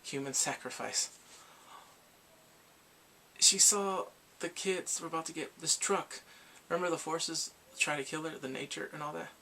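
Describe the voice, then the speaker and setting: A man recapping a drama episode in a casual, excited way, acting out the characters' lines and his own reactions. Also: a little high, a little slow, slight background noise. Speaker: drama reviewer.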